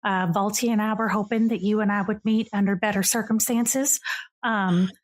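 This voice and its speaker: A woman's voice: medium pitch, steady tone, moderate pace, voice pushed up, lightly acted. A woman voicing a tall, whimsical fey lady who gushes, apologizes and rambles off track. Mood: rambling. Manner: gushing, apologetic, rambling and distracted.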